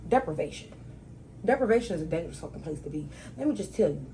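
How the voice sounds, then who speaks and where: A young woman hosting her own talk show, telling stories casually with slang and sudden loud outbursts. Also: lowish voice, lively intonation, fast, a little hiss or hum, rough recording.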